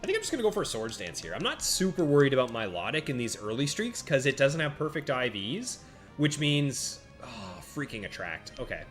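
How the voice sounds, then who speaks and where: A man giving casual live-stream commentary while playing a monster-battle game, chatting with viewers by name and reacting out loud to each turn. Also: medium pitch, wildly swooping pitch, a little fast. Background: faint game music.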